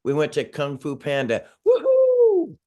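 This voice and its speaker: A man's voice: mid-range voice, a little slow, lo-fi sound. Rambling man in his sixties on a video call. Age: 60s. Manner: rambling, chuckling, with frequent restarts. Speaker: singer being interviewed. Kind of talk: casual interview chat.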